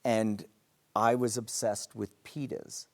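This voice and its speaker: A man, a chef who owns restaurants, talking about his food on a TV show set in a relaxed and easygoing way, a bit halting at times. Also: fairly low pitch. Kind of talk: casual interview.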